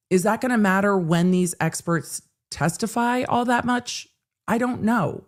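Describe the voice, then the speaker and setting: A woman talks through a day in court on her home livestream. Her delivery is chatty and conversational, with wry asides as she goes. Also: low voice. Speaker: legal commentary host. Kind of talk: casual livestream commentary.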